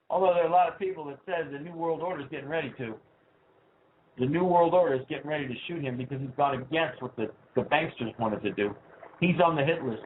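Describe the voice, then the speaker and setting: A man hosting his own talk radio show, ranting with heat and swinging from low asides to loud outbursts. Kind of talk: political talk radio rant. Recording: tinny phone-like sound.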